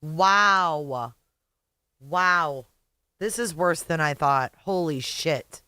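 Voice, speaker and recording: A woman's voice: low voice, extremely slow, pushed and bright, clean tone, no echo. A middle-aged woman hosting a reaction video, blunt and sarcastic, swearing freely as she comments. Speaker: YouTube host reacting to a clip.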